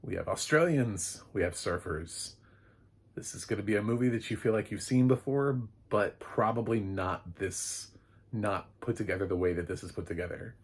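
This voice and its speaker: A man's voice: fairly low pitch, normal speed, slightly rough. A man giving a casual, rambling spoken film review, chatty with lots of fillers. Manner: rambling and chatty, with many fillers and light laughs.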